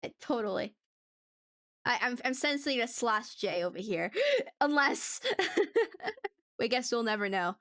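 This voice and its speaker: A woman's voice: on the high side, expressive, unhurried, long pauses, fairly bright tone. A woman streamer chatting casually with her viewers while drawing, giggling often and stumbling over restarts.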